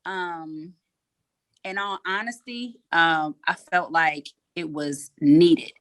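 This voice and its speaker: A woman's voice: low-pitched, fairly even intonation, slow pace, dry recording. A woman, a head coach talking frankly in a casual interview and acting out what people said. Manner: frank, acts out quotes.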